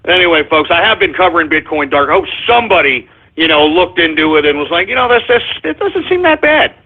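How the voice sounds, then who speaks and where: A male talk radio host delivering an excitable, flustered monologue, often stumbling and apologizing. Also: fairly high pitch, fast. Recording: phone-like lo-fi radio sound.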